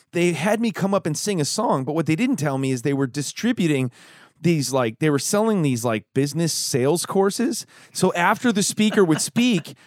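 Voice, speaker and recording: Male podcast host, chatty, raised pitch, dry close sound. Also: no echo. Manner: reactive and chatty, swaps his own stories in. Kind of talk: conversational interview.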